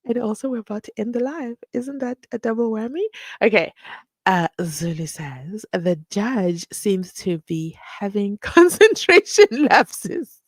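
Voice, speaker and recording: A woman's voice: mid-range voice, big pitch swings, unhurried, no room sound. A woman hosts a casual live stream, chatting and reading viewer comments aloud with frequent laughs.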